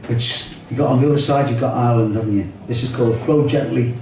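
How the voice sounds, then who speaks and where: A man's voice: mid-range voice, fairly even intonation, fast talker, distant mic, crowd noise. An older man with a Liverpool accent reciting his own rhyming poems live, wry and rhythmic. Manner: rhythmic, wry delivery with spoken asides. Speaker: poet performing his own work. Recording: echoey hall, voice from off-mic.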